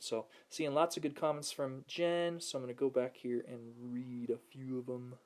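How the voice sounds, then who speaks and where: A man's voice: mid-range voice, darkish tone. A man hosting a casual motivational video, reading viewer comments aloud and laughing often as he talks. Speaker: host of a self-help video. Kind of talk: casual motivational talk to camera.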